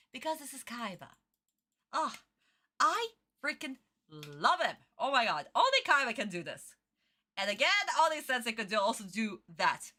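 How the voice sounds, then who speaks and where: A woman's voice: high-pitched, bright, forceful tone. A young woman streaming a casual reaction chat, talking in an opinionated, emphatic way with lots of repetition. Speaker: streamer reacting to an anime episode.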